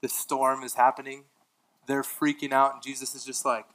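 A male pastor preaching a sermon, swinging from emphatic lines to hushed ones, with casual asides and light laughs. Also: medium pitch, completely flat delivery, moderate pace, rough recording.

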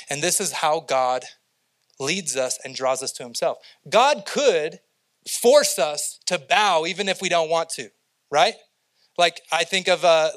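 A man's voice: a little high, fairly bright tone. A young adult male pastor preaching a sermon, telling stories and building to emphatic points. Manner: storytelling preacher, rising to emphatic peaks.

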